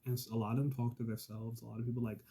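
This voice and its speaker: A man vlogger telling a casual, profane story, swinging from loud exasperated outbursts to hushed asides. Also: mid-range voice, little pitch movement, racing, breathy edge.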